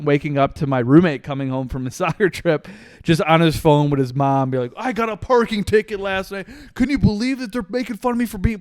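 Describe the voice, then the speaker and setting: A male podcast host tells an animated story in a casual, laughing way. His voice sits a little high and sounds smooth and clear. The recording is dry and close. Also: no room sound. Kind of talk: casual chat.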